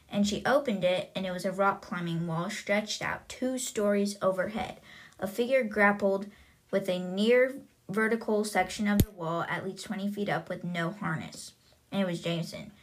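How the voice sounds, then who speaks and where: A woman's voice: medium pitch, fairly even intonation, normal speed. A young woman hosting a podcast, casually retelling a book's plot in a chatty way with many fillers. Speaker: podcast host.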